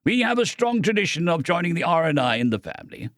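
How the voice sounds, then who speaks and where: A man narrating an audiobook, voicing a sturdy, patient older father who explains things calmly. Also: on the high side, fast, dry recording, studio quality, pitched above the performer's own voice.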